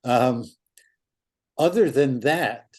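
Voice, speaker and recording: A man in his seventies, a guest in an easygoing interview chat. He speaks at a mid pitch in a blunt, loose way and swears now and then. He grew up in New York. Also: drawn-out words, darkish tone. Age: 70s.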